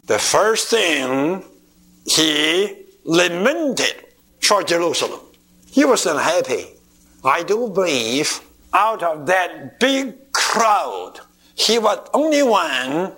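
A man preaching a sermon, telling the story in a deliberate, emphatic way, from an archival recording. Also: a little high, sharp tone. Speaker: Bible teacher.

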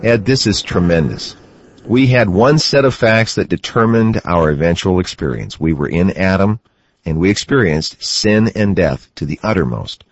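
A man hosting a radio teaching program, speaking in a husky, measured way from a script, heard on a slightly dull lo-fi recording. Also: sits low, lively intonation, no room sound.

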